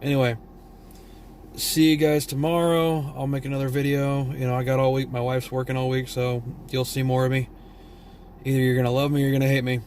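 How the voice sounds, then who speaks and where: A man's voice: medium pitch, level tone, brisk, darkish tone, a little hiss or hum. A tired man from Texas with a Southern drawl, vlogging a blunt, profane, rambling rant. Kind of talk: casual opinion rant.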